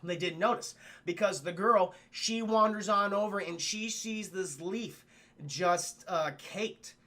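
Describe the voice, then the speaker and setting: A man's voice: high voice, takes it slowly, pushed and bright. A man livestreaming a casual film recap, rambling and profane, often addressing his chat. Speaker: film review streamer.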